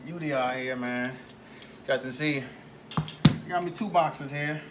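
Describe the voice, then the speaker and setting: A man, excitedly chatting through an unboxing video while slightly out of breath. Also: mid-range voice, measured pace, a little hiss or hum. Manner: excitable, chatty, says "man" and "y'all" a lot. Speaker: RC car channel host. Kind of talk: casual unboxing vlog.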